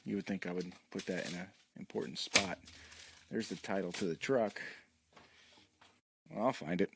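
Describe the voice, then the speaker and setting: A man's voice: low-pitched, moderate pace, gravelly, very noisy. A man in his thirties from New England hosting a casual solo podcast from a room at home, rambling and chatty with self-deprecating asides. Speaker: podcast host.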